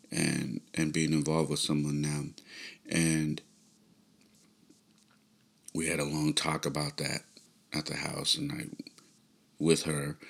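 A middle-aged man talks through a personal memory on his podcast, pausing and restarting his sentences as he goes. His voice sits very low, with a gravelly, creaky edge, and the delivery feels thoughtful and unpolished. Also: a bit bright. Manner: halting, with fillers and restarts. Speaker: podcast host. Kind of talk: reflective personal storytelling.

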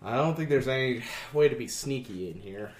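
A man at a tabletop game trading jokes, his voice leaping up and down with lively intonation. He slips in and out of character with easy banter, and the room echoes around him. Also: medium pitch, a little fast. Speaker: player. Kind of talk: tabletop role-play chat.

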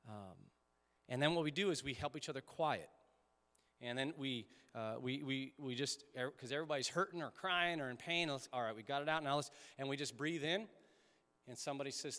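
A pastor delivering a conversational sermon, emphatic at times and dropping to soft prayerful tones. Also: male voice, mid-range voice, a little fast, in a large hall. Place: church sanctuary.

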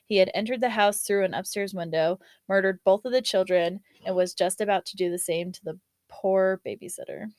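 A woman's voice: mid-range voice, steady tone, fairly quick, hardly any pauses, darkish tone, no room sound. A woman hosting a casual chat, swearing and laughing, who also reads a scary story aloud. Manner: profane, laughing, chatty. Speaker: podcast host.

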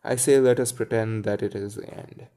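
A man's voice: fairly low pitch, fairly even intonation, moderate pace, dark tone, close to an everyday voice. A man reading the lines of a gloomy little boy in a storybook, in his own voice.

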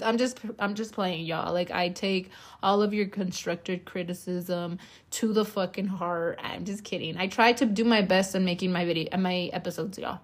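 A woman's voice: medium pitch, moderate pace. A young woman hosting her own podcast, chatting casually, joking and swearing, rambling with lots of fillers. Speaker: podcast host. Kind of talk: casual chat.

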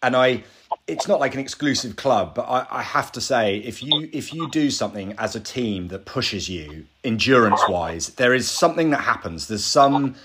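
A man hosting a podcast interview, talking in a relaxed, agreeable, reflective way. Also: medium pitch, moderate pace, background noise. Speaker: podcast host. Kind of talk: casual interview.

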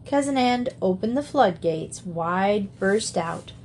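A woman reading a storybook aloud in a steady, measured narration. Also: mid-range voice, slight background noise. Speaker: audiobook reader.

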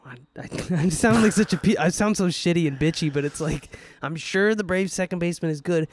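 A man's voice: sits high, fairly quick, background noise. A man co-hosting a casual sports podcast, opinionated and self-deprecating, with lots of fillers. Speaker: podcast co-host.

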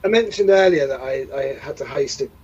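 Husky man, lo-fi. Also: medium pitch, lively intonation, fairly quick, a little mellow. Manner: rambling, self-deprecating. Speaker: podcast host. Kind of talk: casual chat.

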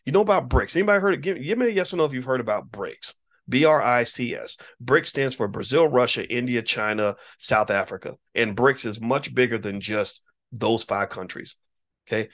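A man at a middle pitch talks straight to his viewers in a loose, unscripted monologue. He is emphatic and preachy, drops in casual swearing, and doubles back on words as he restarts his thoughts. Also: animated, a little fast, a bit bright. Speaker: online commentator.

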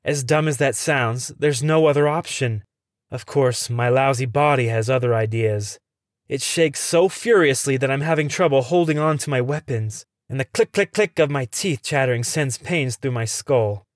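A man reading a first-person horror story in a tense, suspenseful way, dropping to a hush at the scary moments. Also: mid-range voice, normal speed, no echo, studio quality.

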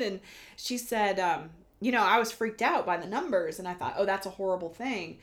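Lady medium on a podcast, bright voice, acts out everyone in her stories. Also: medium pitch, a little fast. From United States. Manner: animated storytelling, acting out quoted voices. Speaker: guest, intuitive medium. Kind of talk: casual podcast interview.

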